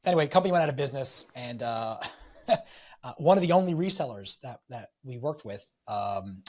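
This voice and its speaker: A man as a podcast guest, talking casually in an energetic, rambling way and briefly acting out the voices of people he quotes. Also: medium pitch, moderate pace. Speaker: podcast guest, real estate investor and tech salesman. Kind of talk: casual storytelling interview.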